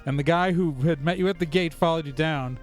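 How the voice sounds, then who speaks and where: A game master with a fairly high male voice narrates a tabletop session briskly, soft music playing behind him. He meanders, keeps cutting himself off, and leans heavily on fillers.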